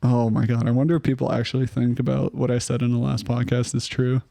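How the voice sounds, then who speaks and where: Young male co-host, easygoing banter with frequent laughs and casual swearing, dark and dry. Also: mid-range voice, level tone, fast, vocal fry, dry recording. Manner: laid-back, laughs often, swears casually. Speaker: podcast co-host. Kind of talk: casual chat. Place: bedroom at his parents' house.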